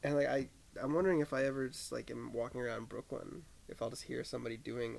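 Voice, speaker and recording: A man's voice: mid-range voice, fairly even intonation, fast, gravelly, hardly any pauses, a little mellow. A man co-hosting a podcast in casual chat, laid-back and often trailing off with a laugh. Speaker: podcast co-host.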